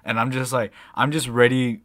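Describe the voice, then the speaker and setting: A young man co-hosting a casual podcast, telling a rambling story with lots of swearing and excitable bursts. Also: medium pitch, moderate pace, dry recording, clean studio sound. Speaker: podcast co-host. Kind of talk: casual chat.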